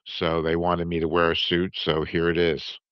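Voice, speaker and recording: A very low-voiced older man speaks haltingly, breaking off and circling back, often adding "you know what I mean." The sound is dull and lo-fi, with a dry, close feel. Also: completely flat delivery, clean tone, no room sound. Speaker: interview guest. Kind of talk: emotional prison interview statement.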